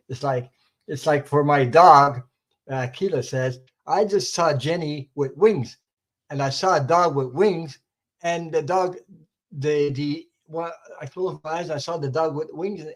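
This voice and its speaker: A man's voice: on the high side, a little slow. A man co-hosting a psychic livestream, talking casually over a video call and rambling with repeated words.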